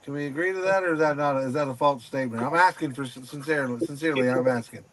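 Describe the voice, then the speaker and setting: A man's voice: mid-range voice, fast, fairly bright tone, a little hiss or hum. A man in casual chat, asking earnest questions. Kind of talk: casual chat on a live stream.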